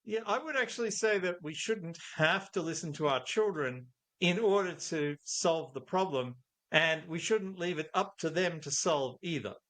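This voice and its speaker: A man's voice: fairly high pitch, moderate pace, fairly bright tone. A middle-aged man, a guest in an interview, talking thoughtfully and telling anecdotes. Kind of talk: conversational interview.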